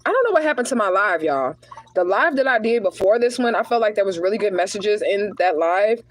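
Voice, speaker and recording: A woman's voice: mid-range voice, expressive, a little fast, a little hiss or hum, low-quality recording. Chatty woman reading cards live. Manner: casual, chatty, talks straight to viewers as y'all; drops into prayerful invocation. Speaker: spiritual card reader. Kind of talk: livestreamed tarot reading.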